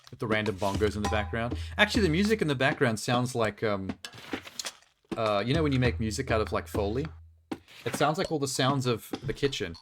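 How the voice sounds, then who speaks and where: A man's voice: mid-range voice, expressive, a little fast. A man streaming a game, chatting casually with blunt, profane jokes, with game music behind. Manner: blunt, profane, joking asides. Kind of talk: casual live-stream gameplay commentary.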